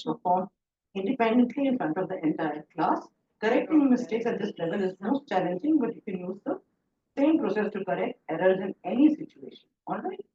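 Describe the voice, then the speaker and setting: A woman with an Indian English accent, leading a pronunciation workshop for teachers in a chatty, encouraging way. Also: medium pitch. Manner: encouraging, chatty, praises often. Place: classroom or hall. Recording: echoey, distant, dull sound.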